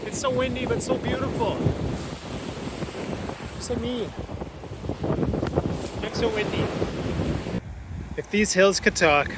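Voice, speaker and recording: A young man vlogging casually outdoors on a windy coast, rambling enthusiastically in relaxed slang. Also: very high-pitched, slow, long pauses. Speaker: travel vlogger. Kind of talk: casual travel vlog. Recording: wind noise on the mic.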